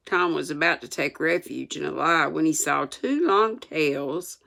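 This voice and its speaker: Slow, gravelly older woman. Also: lowish voice, a bit bright. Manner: homespun, chatty asides between passages. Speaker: storyteller. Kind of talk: reading a classic novel aloud with asides.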